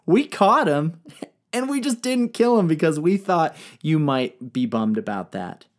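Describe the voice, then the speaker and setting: A woman's voice: sits low, animated, a little slow. A woman voicing a group of wary palace guards who talk in casual, hedging slang. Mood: sheepish.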